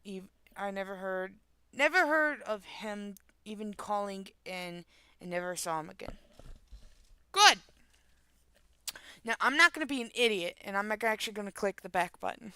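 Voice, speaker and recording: A young woman from the northern United States reads online stories on a live stream and breaks in with casual, profane asides. Her voice is bright and crisp. The close mic gives it a dry sound. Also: mid-range voice, lively intonation, a little fast, no echo. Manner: casual, swears and laughs in asides. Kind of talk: reading stories aloud with casual commentary.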